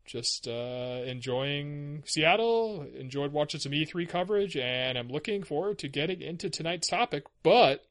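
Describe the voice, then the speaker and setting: Podcast host, male, bright forward tone, wry and chatty. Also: a little high, lively intonation, moderate pace, few pauses. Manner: chatty, wry, laughs easily. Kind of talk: casual chat.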